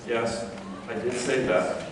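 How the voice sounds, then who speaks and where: A man's voice: steady tone, slow, background noise. Distant man preaching in an echoey church. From Florida. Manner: conversational, rises in pitch when acting out voices in a story. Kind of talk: sermon. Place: church sanctuary. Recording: echoey church hall from far off.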